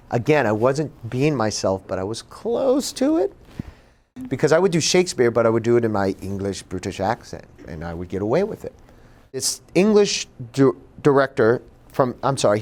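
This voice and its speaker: A man giving a personal storytelling talk at a bookstore event, animated and acting out the voices he quotes. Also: medium pitch. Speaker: author and speaker.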